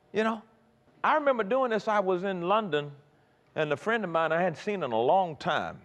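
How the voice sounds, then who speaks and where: A man preaching a sermon, lively and emphatic, often repeating words and acting out quoted conversations. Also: sits high, fast. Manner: animated, repeats words, acts out quoted dialogue. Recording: long reverb in a large hall.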